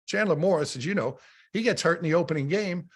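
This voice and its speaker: A middle-aged man, a radio football analyst, telling stories in casual sports talk, animated and often repeating words as he starts a thought. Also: fairly high pitch, fast, breathy edge.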